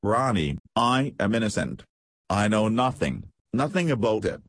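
A man's voice: fairly low pitch, very animated, a little slow, husky, dry recording, heavily acted. A man reading the part of a frightened young woman who anxiously protests her innocence. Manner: anxious, pleading.

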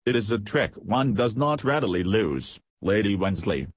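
A man voicing a stern, fair-minded young army officer who speaks gravely and soberly in a storybook reading. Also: on the low side, sing-song, moderate pace, dry recording.

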